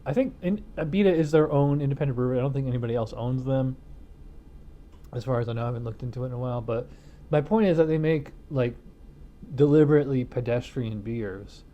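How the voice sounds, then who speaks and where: On his own channel, a middle-aged man reviews a beer in laid-back casual chat, rambling loosely with plenty of fillers. He talks fast in a mid-range voice with a dark tone, and the recording's highs are cut off.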